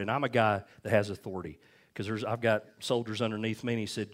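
A man delivers a sermon, his fairly low voice carrying an easy, conversational preaching style. He tells stories and keeps checking in with the congregation with "amen?" and "okay?". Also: fairly even intonation, fast talker. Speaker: pastor.

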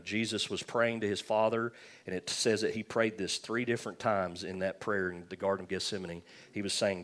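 A man's voice: sits low, little pitch movement, moderate pace. A man preaching a sermon as pastor, talking conversationally with jokes and frequent restarts.

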